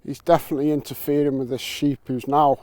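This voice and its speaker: A man's voice: mid-range voice, little pitch movement, quick pace, a little mellow, no room sound. A man filming his metal detecting vlog outdoors on a windy island, joking, bantering and swearing as he goes. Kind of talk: casual vlog commentary. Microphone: camera mic with wind muff.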